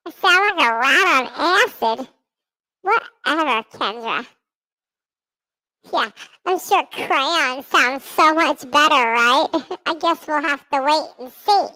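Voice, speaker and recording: Giggly woman vlogger, slow and bright, playful chat. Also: sits high, expressive. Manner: giggly, playful, trying out funny voices. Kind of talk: silly casual chat with impressions.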